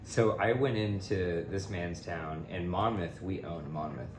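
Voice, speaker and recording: A young man from Kentucky telling stories on a podcast in a casual, animated way, jumping into high voices to quote people. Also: measured pace, over music. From Louisville, Kentucky. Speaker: podcast co-host. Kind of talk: casual storytelling chat. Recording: echoey room with background noise.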